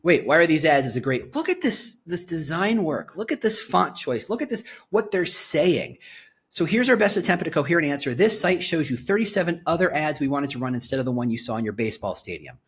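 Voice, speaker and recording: A husky-voiced man reacts to a company's website as he clicks through it, reading lines aloud and then breaking into commentary. His pitch sits a little high and swings widely, leaping up whenever something delights him. It sounds like he is talking into a desktop mic while recording his screen. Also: fairly quick. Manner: excitable, reads site copy aloud and reacts. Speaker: employer branding commentator. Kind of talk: screen-share website review.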